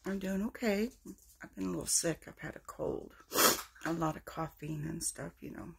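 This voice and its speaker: A woman recording a personal video message to children she misses, speaking softly and tenderly, often in a hushed whisper. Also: fairly low pitch, moderate pace, creaky, very noisy. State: fighting tears. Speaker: vlogger addressing absent children.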